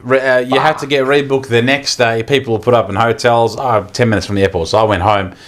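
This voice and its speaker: A man's voice: medium pitch, steady tone, fast talker. A man in his thirties with an Australian accent, telling a long story in casual, rambling chat on a podcast and swearing freely. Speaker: podcast co-host.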